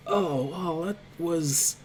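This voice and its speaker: A man's voice: fairly high pitch, slow pace, background noise. A man doing a stammering, jittery little kobold. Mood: nervous. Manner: stammering, apologetic. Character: small nervous frail male kobold.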